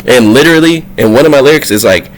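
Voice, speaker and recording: Excitable, slangy man vlogging. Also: medium pitch, fast. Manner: excitable, slangy and profane, voice leaping up when worked up. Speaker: vlog host. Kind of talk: casual spiritual vlog monologue.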